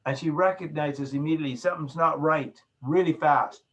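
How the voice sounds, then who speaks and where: A man's voice: on the high side, brisk. A man lecturing in a recorded video session, emphatic, repeating his key phrases and acting out small examples. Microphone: video call.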